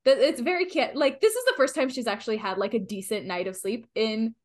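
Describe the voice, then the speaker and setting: A woman's voice: on the high side, a little fast, a little mellow. A woman player describing her character in a tabletop game, chatty and giggly.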